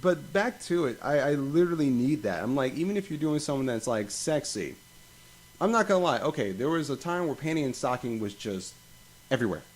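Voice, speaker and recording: A young man hosting a casual podcast, rambling and swearing as he tells animated stories. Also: mid-range voice, a little fast. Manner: profane, rambling, animated storytelling. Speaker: podcast host.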